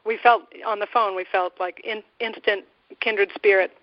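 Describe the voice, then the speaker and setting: A guest asking a long, halting question, hesitant and full of pauses and fillers. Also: mid-range voice, fairly even intonation, dry recording. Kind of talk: conversational question. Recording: dry, muffled lo-fi audio.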